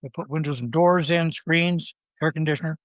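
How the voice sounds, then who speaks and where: A man, the guest in an interview, telling lively anecdotes and acting out the people he quotes. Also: fairly high pitch, moderate pace, no echo, poor audio. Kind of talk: storytelling interview.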